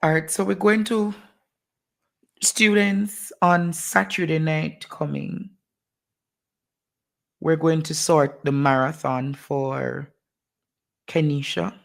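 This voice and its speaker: Slow, gravelly host. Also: mid-range voice, steady tone, a bit bright. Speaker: live-stream host. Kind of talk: live-stream conversation.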